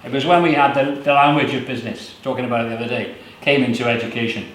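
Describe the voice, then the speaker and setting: A man's voice: mid-range voice, fairly even intonation, a bit bright, slight background noise. Man reading poems in an echoey room. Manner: reads in slow measured phrases, rambles loosely between poems. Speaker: poet reading his own poems. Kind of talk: live poetry reading with chatty asides. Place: small venue at a book launch.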